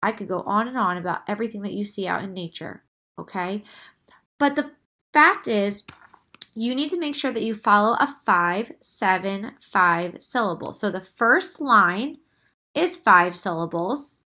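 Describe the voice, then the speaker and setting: A woman's voice: medium pitch, expressive, measured pace, pushed and bright. A young woman teacher giving a recorded lesson, speaking patiently, drawing out her words and often checking in with "okay?".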